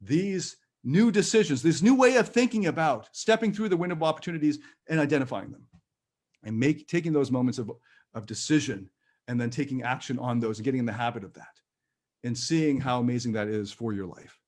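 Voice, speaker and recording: A man leading a live-streamed personal growth workshop, talking in a gentle, reassuring and chatty way with light laughs. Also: medium pitch, fairly quick.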